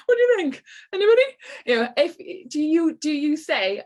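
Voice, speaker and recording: A woman's voice: high-pitched, very animated, normal speed, a little mellow. Encouraging woman on a video call. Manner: encouraging, lightly acts out quoted voices. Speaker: business workshop speaker. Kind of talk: online workshop talk.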